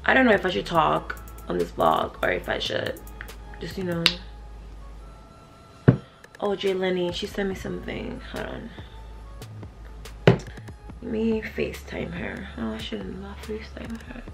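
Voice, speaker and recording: Gravelly-voiced woman chatting in a vlog. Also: on the low side, sing-song, a little slow, long pauses, over loud music. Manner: profane, chatty, thinking aloud. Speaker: vlogger. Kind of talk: casual vlog chat.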